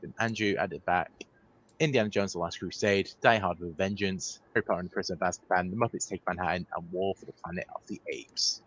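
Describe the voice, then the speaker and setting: Male co-host, lowish voice, brisk list reader. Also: steady tone, a bit bright, low-quality recording. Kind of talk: reading a recap.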